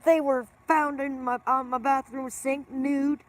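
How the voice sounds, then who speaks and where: A middle-aged woman hosts her own livestream, chatting loosely with viewers and calling them by name. She talks at an unhurried, drawn-out pace and drifts from one story to the next. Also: sits high, level tone. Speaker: livestream host. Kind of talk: casual livestream chat with viewers.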